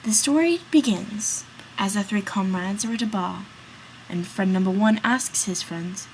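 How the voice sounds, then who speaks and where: A woman's voice: mid-range voice, darkish tone, a little hiss or hum, rough recording. A woman narrating a classic tale in a read-aloud story summary. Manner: slow, storytelling.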